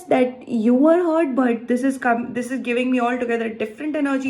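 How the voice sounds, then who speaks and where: A woman's voice: high voice, brisk, warm tone. A woman giving a tarot card reading to viewers, emotive and exclaiming as she thinks aloud. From India. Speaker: tarot reader.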